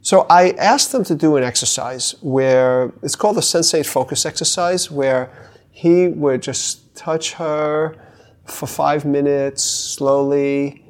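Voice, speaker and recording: A man's voice: on the high side, slow. A middle-aged man, a therapist, telling a client story in casual talk and animatedly acting out the people in it. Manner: animated, slips into the voices of the people in his stories.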